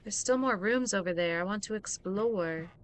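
A woman streamer giving playful, chatty let's-play commentary and reacting to the game out loud. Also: medium pitch, moderate pace, slight background noise.

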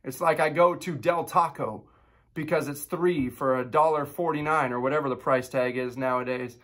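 Man in his thirties, pastor, chatty upbeat sermon delivery, voice sitting a little high. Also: normal speed. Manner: storytelling with animated impressions of his kids; upbeat, conversational preaching. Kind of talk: devotional sermon.

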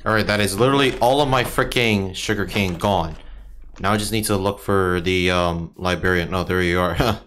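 A man's voice: sits low, moderate pace, slight background noise. A young man giving casual gameplay commentary, frustrated and swearing often. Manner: frustrated, swears a lot, swings into loud outbursts. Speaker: gaming streamer.

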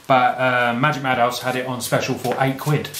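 A young man with a London accent, excitably chatting and joking while playing a card game. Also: mid-range voice, normal speed. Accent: London English. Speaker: card game player and channel host. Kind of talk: casual banter during a card match. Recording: echoey room, faint background noise.

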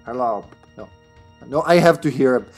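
A man's voice: fairly high pitch, very animated, normal speed, soft background music. Goofy joking male streamer. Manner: goofy, joking, laughs often. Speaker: streamer host. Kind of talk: casual game-stream chat.

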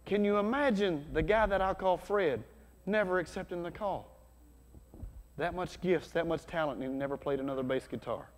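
Energetic man preaching in a reverberant hall. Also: sits high, normal speed. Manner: energetic, conversational preaching with sudden loud bursts. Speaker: pastor. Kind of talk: sermon. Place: church hall.

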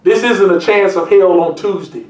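A man preaching a sermon as pastor, reading scripture aloud and breaking into jokes and lively asides. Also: high-pitched, moderate pace, recorded from a distance. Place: church. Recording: echoey room, mic from afar.

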